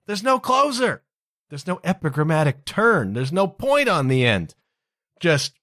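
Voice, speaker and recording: Irreverent male podcast host, lively storyteller, dry close sound. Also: a little high, normal speed, no room sound. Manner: animated, irreverent, conversational. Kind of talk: casual storytelling monologue.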